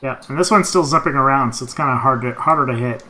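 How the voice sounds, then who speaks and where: A man with a bright, forward voice runs a tabletop game for friends over a voice call. He talks in a loose, easygoing way, hypes up good rolls and keeps the table moving. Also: medium pitch. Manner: relaxed, casual, quick to cheer players on. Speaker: game master.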